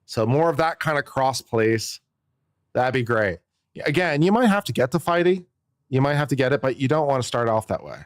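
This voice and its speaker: A man's voice: mid-range voice, lively intonation, moderate pace, no room sound, studio quality. A man, an attorney, giving casual and jokey live-stream commentary, musing aloud and often repeating himself.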